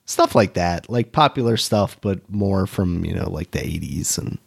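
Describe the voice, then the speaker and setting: A man's voice: low voice, normal speed, creaky, husky. A man in his thirties co-hosting a podcast, laid-back and dry in casual chat, chuckling often. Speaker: podcast co-host.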